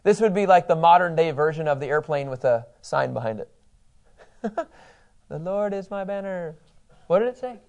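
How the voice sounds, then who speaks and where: A man's voice: fairly high pitch, lively intonation, brisk, creaky. A middle-aged man teaching a Bible class in a conversational way, reading scripture aloud and asking his listeners questions.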